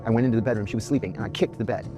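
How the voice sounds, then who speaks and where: A man telling a personal story in an animated, dramatic way. He talks quickly in a mid-range voice, and clear music plays behind him. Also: on the low side.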